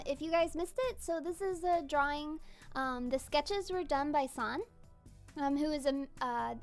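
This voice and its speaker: A young woman streamer chatting casually while drawing, giggly and full of fillers. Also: sits high. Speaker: streamer and virtual idol voice actor.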